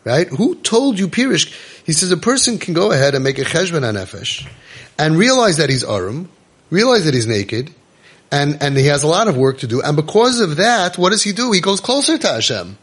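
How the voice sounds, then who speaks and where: Man, Torah lecture, animated rhetorical questions, somewhat high voice, a little husky. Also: a little fast. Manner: animated, asks rhetorical questions, mixes Hebrew quotes with English. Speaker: Torah teacher.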